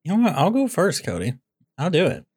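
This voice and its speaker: A man co-hosting a podcast, launching into sarcastic rants with a voice that jumps all over the place. His pitch sits in a middle register, and the sound is close and dry with no room around it. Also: a little fast, husky, no room sound. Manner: animated, sarcastic ranting. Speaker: podcast co-host. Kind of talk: casual movie podcast chat.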